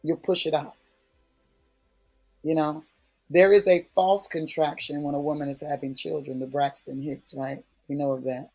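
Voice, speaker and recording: Man, prayer-session preacher, husky and a touch high, folksy and emphatic. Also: level tone, moderate pace, a little mellow, soft background music. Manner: folksy, emphatic, repeats key phrases. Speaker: prayer speaker.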